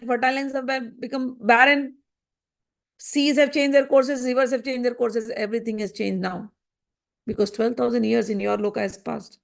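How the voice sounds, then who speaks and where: A woman's voice: high-pitched, creaky. A woman retelling a scripture story in a casual, conversational way. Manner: conversational, with fillers and restarts.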